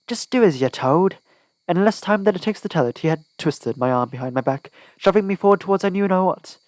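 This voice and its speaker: A man's voice: sits high, expressive, quick pace, no echo, low-quality recording. Man reading a tense audiobook. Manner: dramatic, tense first-person reading. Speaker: audiobook reader. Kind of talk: dramatic audiobook narration.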